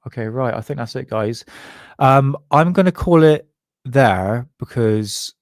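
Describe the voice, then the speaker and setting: An English man hosts a casual livestream chat, rambling and poking fun at himself and others. His voice sits in a middle pitch. The sound is dry and close, with no room around it. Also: lively intonation, a little slow, dry recording. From England. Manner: rambling, self-deprecating, sarcastic. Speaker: host.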